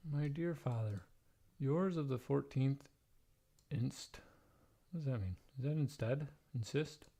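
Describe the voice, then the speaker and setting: Man, mellow dark tone, reads old letters aloud, stumbles and restarts over odd wording, crude joking asides. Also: medium pitch, a little slow, gravelly. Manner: blunt, profane joking asides. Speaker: livestreamer. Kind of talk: reading historical letters aloud, with casual asides.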